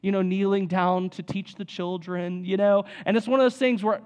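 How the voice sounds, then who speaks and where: Young man, pastor, high-pitched, conversational sermon delivery. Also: steady tone, moderate pace, a little mellow. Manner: casual, conversational, many "you know" asides.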